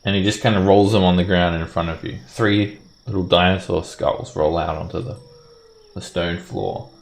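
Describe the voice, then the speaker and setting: Deep-voiced man narrating a tabletop game. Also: normal speed, gravelly, slight background noise. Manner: relaxed, casual narration with fillers. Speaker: game master.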